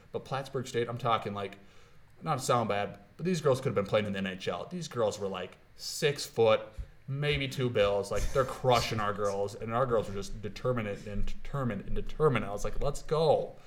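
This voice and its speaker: A man's voice: lowish voice, brisk. A young man working as a sports videographer, talking in an upbeat, rambling way in a casual interview. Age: young adult. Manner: rambling, upbeat, full of "I mean" and "you know".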